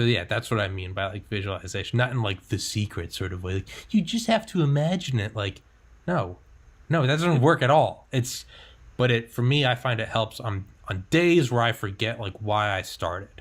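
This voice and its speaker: A man's voice: mid-range voice, sing-song, moderate pace. A young man hosting a casual podcast chat, talking candidly, swearing freely and acting out his own thoughts. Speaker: podcast host.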